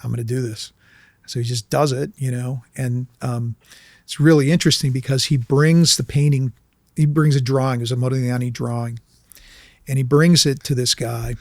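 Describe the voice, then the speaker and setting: A man in an interview, telling a story loosely and with energy and slipping into the voices of the people in it. His pitch sits in the middle, and the dry recording keeps him close and clear. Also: moderate pace, no room sound. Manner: animated, acts out voices in anecdotes. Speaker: documentary filmmaker guest. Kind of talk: casual storytelling.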